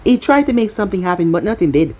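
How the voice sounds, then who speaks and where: A woman's voice: lowish voice, big pitch swings, quick pace, a little mellow, husky. Woman voicing a wry, tough female spy. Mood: dry.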